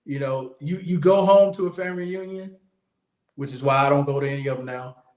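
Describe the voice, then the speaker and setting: A man's voice: on the high side, brisk, darkish tone. A man hosting a podcast, speaking bluntly in a casual monologue and repeating his points for emphasis. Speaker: podcast host. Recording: echoey room.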